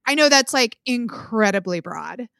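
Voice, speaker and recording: A bright, slightly high-voiced woman in her thirties co-hosts a casual podcast from home. She is chatty and opinionated, full of "like" and "um", and her voice sounds dry and close. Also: lively intonation, normal speed, creaky, no room sound. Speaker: podcast co-host. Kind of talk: casual chat.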